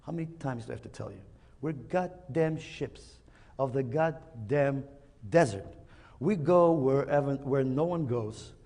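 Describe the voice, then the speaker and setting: A man's voice: mid-range voice, unhurried, gravelly, warm tone. A man voicing an exasperated, swearing father camel in a joke told on stage in an echoey hall.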